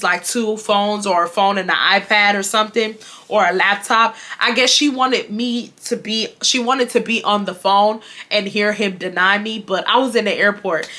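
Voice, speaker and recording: A woman in her twenties from Houston, telling a storytime vlog in an animated, emphatic way and addressing viewers as y'all. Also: mid-range voice. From Houston, Texas. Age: 20s. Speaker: YouTuber.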